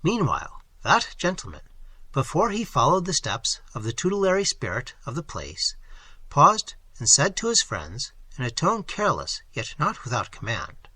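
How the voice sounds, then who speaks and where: A man narrating an audiobook with expressive, measured storytelling. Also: a little high, husky, no room sound. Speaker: audiobook reader.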